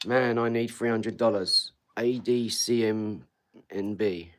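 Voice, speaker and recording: A man's voice: fairly low pitch, fairly even intonation, slow pace. A man in his forties hosting a casual live stream. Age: 40s. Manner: blunt, rambling, swears freely, talks to viewers. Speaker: livestream host. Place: home front room.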